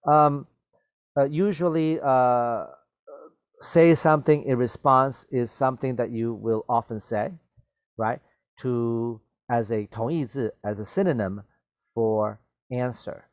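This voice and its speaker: A man's voice: medium pitch, slow pace, dry recording. Man teaching English, checking in constantly. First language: Mandarin Chinese. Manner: explains words patiently, mixes in Mandarin, asks "okay?" and "right?" often. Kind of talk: vocabulary lesson reading a story aloud.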